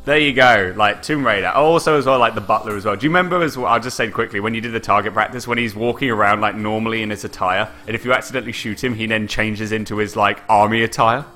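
A man's voice: fairly low pitch, fast talker, hardly any pauses, bright, forceful tone, soft background music. A man co-hosting a podcast, chatting casually about old video games, laughing often and acting out quotes in a raised voice. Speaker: podcast co-host.

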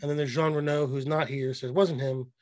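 A man with a fairly high voice co-hosts a casual podcast chat, excited and profane, with a mocking edge. He is recorded dry and close, with no room sound. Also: no room sound. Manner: excited, profane, mocking, quick bursts of mimicry. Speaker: podcast co-host.

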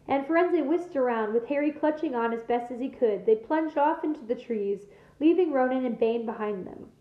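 Teacher lady reading a story to her class, fairly high voice, echoey room, kinda muffled. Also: moderate pace. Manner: steady, expressive storytelling. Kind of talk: reading a novel aloud.

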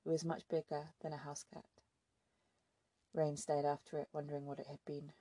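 Gravelly, dark-voiced woman narrating. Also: low voice, little pitch movement, normal speed, dry recording. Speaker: audiobook narrator. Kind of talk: scripted narration.

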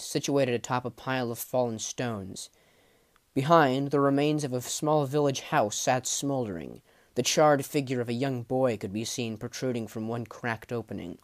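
A man narrating a fantasy audiobook in a measured, dramatic way, dropping low at the ends of phrases. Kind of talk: storybook narration.

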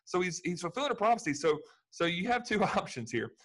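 A man's voice: sits high, big pitch swings, fast, rough recording. A man preaching a sermon, earnest and building to emphatic peaks. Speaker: pastor.

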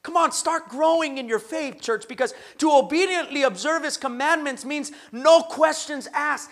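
High, bright-voiced impassioned male preacher. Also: moderate pace, hardly any pauses. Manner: impassioned preaching, shouting at peaks; rhythmic repetition, call-and-response. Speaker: pastor. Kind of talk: sermon.

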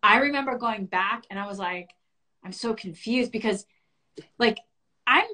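A woman with a bright, forceful voice, talking at an average pitch for a woman. She recounts a personal experience in a candid, reflective way. She sounds earnest as she works through it with the person she is talking to. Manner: earnest and reflective, rising high and fast when reliving panic.

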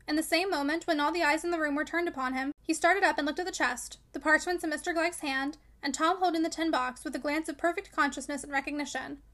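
A woman reading a classic novel aloud in steady scripted narration, voicing the dialogue quietly. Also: high voice. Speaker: audiobook reader.

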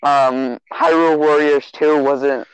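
A man's voice: on the high side, fairly even intonation, slow pace, clear, resonant tone, dry recording, rough recording. A teenage boy chatting with friends, hesitant and full of fillers. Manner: hesitant, full of uhs, sheepish. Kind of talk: casual chat among friends.

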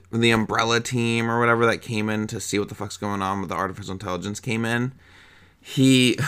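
A man with a fairly low but bright, punchy voice talks loosely about a movie. He rambles and swears freely, and breaks into laughs and put-on voices for the characters' lines. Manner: rambling, profane, often laughing; acts out quotes in put-on voices. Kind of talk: casual solo chat about a movie.

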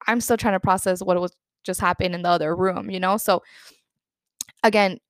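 A woman's voice: fairly low pitch, fairly even intonation, moderate pace, no echo. A young woman hosting a podcast, telling her own story in a candid, rambling way with lots of "like" and a few Spanish words. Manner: candid, rambling, heavy use of "like". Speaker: podcast host. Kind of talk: personal storytelling monologue.

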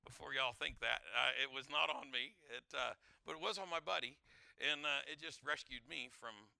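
A middle-aged man preaching a sermon, telling a personal story, swinging from loud storytelling to hushed intensity. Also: mid-range voice, moderate pace, creaky, dry recording. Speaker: pastor.

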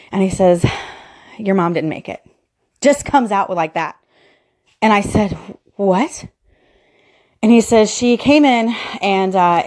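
A woman in her thirties recounts a painful personal memory in a casual, unscripted way. She voices the people she quotes. Her pitch leaps sharply upward when the feeling overwhelms her. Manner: emotional, quoting herself and others, rising to near screams. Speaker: storyteller. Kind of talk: personal storytelling.

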